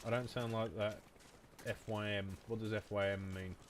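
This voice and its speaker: A lowish-voiced man with an Essex accent chats loosely as he streams a shooter game. He rambles, jokes and swears freely. Faint gunfire from the game runs under his voice. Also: level tone, moderate pace, slight background noise. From England. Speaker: gaming streamer. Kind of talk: casual livestream commentary.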